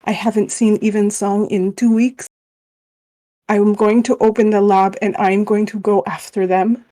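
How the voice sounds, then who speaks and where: A woman giving voice to an earnest, determined explorer who speaks with heartfelt resolve. The voice is close to everyday speech and sits at an average pitch. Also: little pitch movement, unhurried, warm tone, close to an everyday voice.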